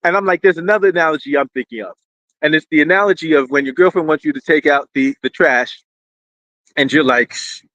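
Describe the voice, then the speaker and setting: Man, fairly high voice, dry close sound, rambling animated live-stream talk, stumbles and repeats words. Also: fast, no echo, muffled recording. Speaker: political commentary host. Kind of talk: casual live-stream commentary. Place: indoors near a street with fire trucks.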